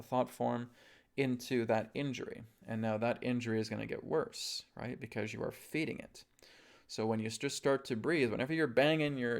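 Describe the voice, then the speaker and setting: A man giving a calm, instructive talk on a live webcast, often checking in with his listeners. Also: mid-range voice, gravelly. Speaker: spiritual teacher.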